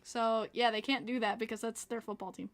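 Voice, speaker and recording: Chatting with viewers on her casual livestream podcast, this Long Island New York woman reads out live chat and laughs a lot. She talks briskly, with a voice on the high side and fairly even intonation.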